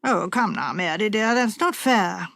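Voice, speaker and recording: A woman reader voicing a weary middle-aged husband, lowering and softening her voice to a dry, subdued tone. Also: animated, unhurried, vocal fry, no room sound.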